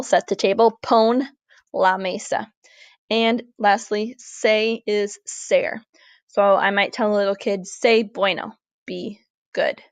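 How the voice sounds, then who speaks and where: A woman Spanish teacher, walking through a recorded grammar lesson, clear and deliberate, slowing down to model words. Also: mid-range voice, no echo. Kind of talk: recorded classroom lesson over slides.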